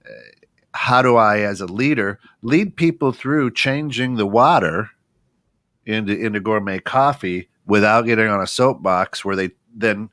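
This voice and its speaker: A man hosting a podcast, talking in an easygoing way and quickly plugging his guest. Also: lowish voice, a bit bright, dry recording, studio quality. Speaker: podcast host. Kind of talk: casual podcast talk.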